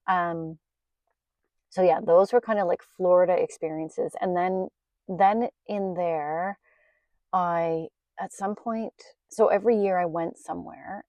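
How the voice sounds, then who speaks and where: A woman's voice: on the low side, gravelly, darkish tone, no echo. A middle-aged woman hosting a podcast, telling rambling stories in a casual chat and laughing often. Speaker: podcast host. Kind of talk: casual storytelling.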